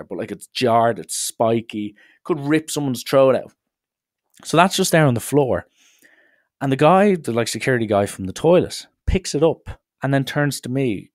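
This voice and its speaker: A young man hosting a solo comedy podcast, telling stories in an animated way with swearing and acted-out dialogue. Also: mid-range voice, dry recording, studio quality. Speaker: podcast host.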